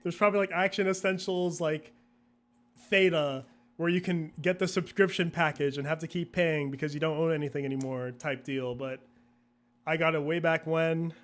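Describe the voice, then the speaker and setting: Laughing, rambling young man, higher voice. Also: steady tone, normal speed, a bit bright. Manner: rambling, laughs often, acts out his own thoughts in quotes. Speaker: guest, video creator. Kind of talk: casual interview chat.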